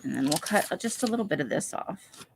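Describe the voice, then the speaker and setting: Her voice sits on the low side, brisk and expressive, and the recording is very noisy. She's hosting a live craft session from her Las Vegas home craft room, cutting magazine pictures while chatting and musing aloud.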